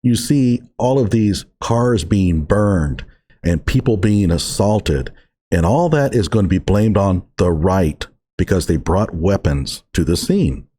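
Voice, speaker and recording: Husky, animated male commentator. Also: deep voice, slow. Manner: emphatic and sarcastic. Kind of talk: reaction commentary.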